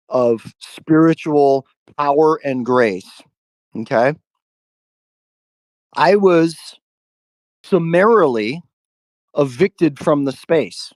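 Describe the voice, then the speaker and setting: A man telling a personal story on a live stream about shadow work, speaking emphatically with profanity and long pauses. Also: fairly high pitch, dry recording. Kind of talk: intense personal storytelling to a listener.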